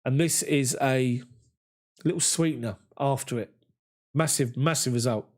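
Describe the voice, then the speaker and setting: A man, hosting a live fan chat after a match and reading viewer comments in an excitable, chatty way. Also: mid-range voice, a little slow. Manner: excitable, chatty, mimics voices in anecdotes. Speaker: fan channel host.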